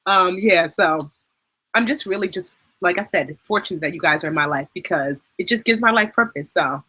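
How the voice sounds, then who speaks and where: Woman, 30s, finance host on a casual live stream: bright, slightly husky, chatty, emotional, teary. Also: fairly low pitch, moderate pace. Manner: chatty, emotional, laughs through tears. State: tearful, crying at times. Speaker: personal finance educator and host.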